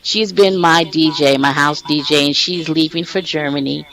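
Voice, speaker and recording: Gravelly, bright-voiced talk show host man. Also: fairly high pitch, steady tone, moderate pace, rough recording. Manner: rambling, heartfelt, frequent restarts. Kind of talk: casual talk show address. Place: online virtual-world voice chat.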